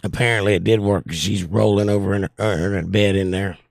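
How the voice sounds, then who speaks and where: A man with a gravelly, creaky voice hosts a relaxed livestream chat, reading out comments and joking along. He sounds strained and winded as he talks. The sound is close and dry, with no room around it. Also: fairly low pitch, quick pace, no echo. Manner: reads viewer comments aloud and jokes back. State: short of breath, voice strained. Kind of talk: casual chat.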